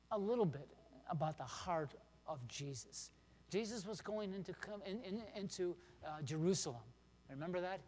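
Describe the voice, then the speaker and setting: A man's voice: fairly high pitch, a little mellow, slight background noise. A man preaching a sermon as pastor, earnest and encouraging, often asking his listeners questions. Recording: long hall reverb.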